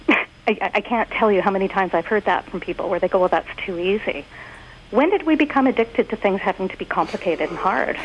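A woman who is a guest on a podcast, talking casually and telling stories in an expressive, animated way. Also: medium pitch, fast, dull audio, a little hiss or hum. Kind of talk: casual conversational interview.

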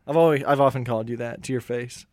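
A man's voice: medium pitch, fairly even intonation, fast talker, darkish tone, no room sound, studio quality. A man, co-hosting a podcast in casual, joking chat and laughing often. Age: 20s. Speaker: podcast co-host.

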